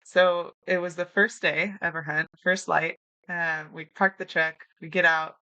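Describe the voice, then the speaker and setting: Young woman, bright voice, dry close mic, chatty storytelling w lots of laughs. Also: fairly low pitch, measured pace, dry recording, dull audio. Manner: animated storyteller, acts out quotes, laughs often. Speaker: podcast guest, new hunter. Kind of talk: casual storytelling interview.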